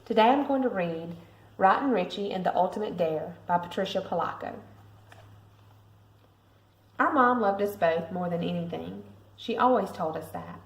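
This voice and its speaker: A woman, a parent, reading a picture book aloud to a school class with lively expression. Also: lowish voice, moderate pace. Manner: expressive storytelling. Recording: roomy echo.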